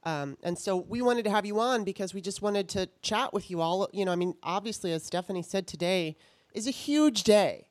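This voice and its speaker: A woman's voice: mid-range voice, fairly quick, a little mellow, no echo. A woman hosting a casual political talk show, chatty and laughing often, with many fillers. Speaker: podcast host.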